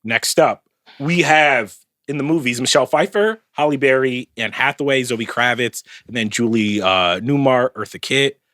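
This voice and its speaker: A man co-hosting a casual podcast chat, talking in an animated, emphatic way and swearing casually. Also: medium pitch, moderate pace. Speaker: podcast co-host.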